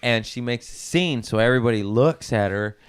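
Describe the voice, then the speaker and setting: A man telling crude family stories in a casual podcast chat, loud and animated, with squealing voices for his relatives. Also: mid-range voice, brisk, clean tone. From Mexican-American family. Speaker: podcast guest.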